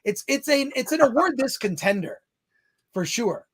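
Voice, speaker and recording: A man's voice: very high voice, very animated, normal speed, a bit bright. A man hosting a live-stream film podcast, rambling and joking as he reads chat comments aloud. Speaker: podcast host.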